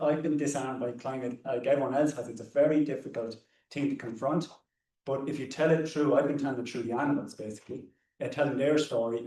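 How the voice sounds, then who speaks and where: An Irish man tells anecdotes on a panel, his mellow voice tripping over repeated words. He is picked up from some distance away. A roomy echo surrounds him. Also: medium pitch. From Ireland. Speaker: conservationist panelist. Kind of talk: panel discussion. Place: hall or seminar room.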